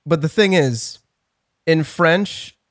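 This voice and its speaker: A man's voice: fairly high pitch, slow pace, fairly bright tone. A young man co-hosting a podcast, telling a story in a rambling way, swearing and laughing at himself. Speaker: podcast co-host. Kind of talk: casual chat.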